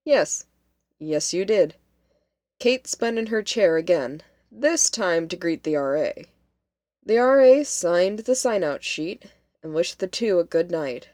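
A woman narrating a scary story in a measured, scripted storytelling manner. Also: on the low side, lively intonation, a little mellow, dry recording, clean studio sound.

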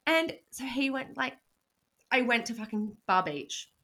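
A woman in her twenties with an Australian accent, co-hosting a casual podcast and telling stories with lively quoted asides. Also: a little high, unhurried, crowd noise. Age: 20s. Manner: storytelling, swears freely, animated quoted asides. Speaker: podcast co-host. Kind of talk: casual chat.

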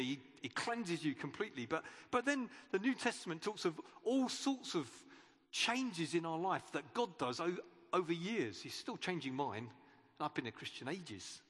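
Lively preacher in a reverberant hall. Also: male voice, high-pitched. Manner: chatty and animated, with playful asides. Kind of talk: conversational sermon. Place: church hall.

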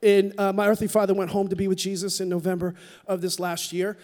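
High-voiced preacher in a reverberant church. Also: male voice, monotone, fast talker. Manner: candid, storytelling, drops to a hush for quoted moments. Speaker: pastor. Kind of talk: sermon. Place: church sanctuary. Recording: long hall reverb.

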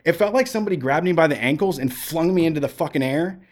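Brief: male podcast co-host, slightly higher voice, profane and animated storyteller. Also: quick pace. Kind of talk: casual storytelling chat.

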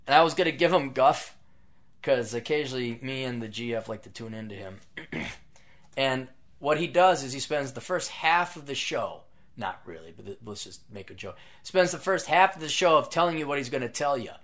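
A man hosting his own podcast in a casual, sarcastic, rambling monologue, reading out plugs and jumping between loud bursts and mutters. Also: medium pitch, lively intonation, moderate pace. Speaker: podcast host.

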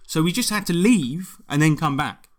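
A man's voice: a little high, normal speed. Ranting, sweary young man. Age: 20s. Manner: swears a lot, animated ranting. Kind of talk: casual chat.

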